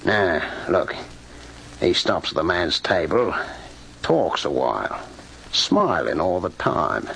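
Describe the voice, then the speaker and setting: Man doing a gravelly, bright-toned crook with a lively swagger, old radio play. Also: low-pitched, slow pace, pauses often, slight background noise, exaggerated voice, rough recording. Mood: scheming. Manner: swaggering, chuckling, boastful. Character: boastful scheming male thief, cockney-style crook. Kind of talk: old-time radio drama.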